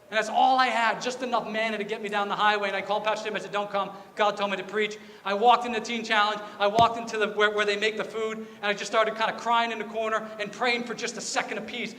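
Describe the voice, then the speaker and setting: A high, bright-voiced male pastor delivering an earnest, confessional sermon. His words ring out with a long church-hall reverb over a faint hum of ambience. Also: fairly even intonation, brisk. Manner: earnest, confessional storytelling with repeated phrases. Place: church sanctuary.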